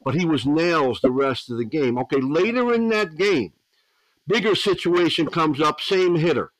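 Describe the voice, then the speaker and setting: A veteran pitching coach spins long, rambling anecdotes as a podcast guest. His voice sits a bit high for a man and keeps tripping into restarts. The sound is dry and close, with no room echo. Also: animated, moderate pace. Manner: rambling storyteller, frequent restarts and 'you know'. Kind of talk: storytelling podcast interview.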